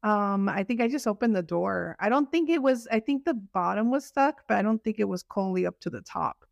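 A young woman with a gravelly edge to her voice tells stories in a relaxed, giggly way as a guest on a friend's podcast. Her voice sits close and dry on the mic. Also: medium pitch, brisk, no room sound, dull audio. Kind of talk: casual chat with a friend.

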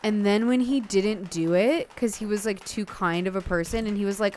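A woman's voice: mid-range voice, normal speed, hardly any pauses, a little mellow, a little hiss or hum. A woman hosting a podcast who tells a story in a rambling, casual way, with lots of fillers and laughter. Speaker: podcast host.

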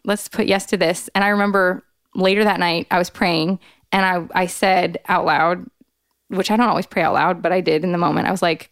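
A woman in her thirties tells a personal story, smooth and clear in tone, in a dry close-miked sound. She talks earnestly and animatedly, filling her sentences with "like" and jumping in pitch when she acts out what others said. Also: fairly quick, dry recording. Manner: animated, acts out quoted voices with big jumps in pitch; frequent "like" fillers, earnest and expressive. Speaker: podcast guest, author. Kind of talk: candid storytelling in a conversation.

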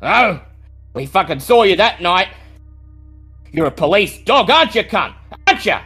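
A man's voice: sits high, big pitch swings, normal speed, breathy edge, faint music behind, voice pushed up, heavily acted. A man voicing a vicious, swearing young male street thug. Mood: aggressive. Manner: snarling, shouting insults.

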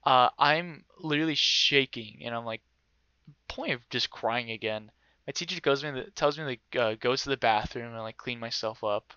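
A young man casually telling a story, animated and swearing freely, acting out other people's voices. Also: mid-range voice, moderate pace, clean tone, no echo, lo-fi sound.

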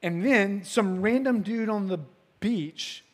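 A man giving a sermon as a pastor, telling the story casually with filler words and swinging between loud emphasis and hushed moments. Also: high voice, slow, long reverb tail.

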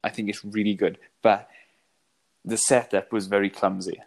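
A man co-hosting a podcast, chatting casually about films and tossing in quick impressions of lines. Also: fairly low pitch, level tone, creaky. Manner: quick, chatty, mimics film lines in asides. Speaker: podcast co-host. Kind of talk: casual film chat.

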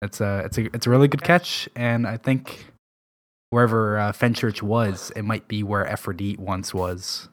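A man hosting a casual podcast, reading aloud and chatting in a relaxed, halting way. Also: on the low side. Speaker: podcast host.

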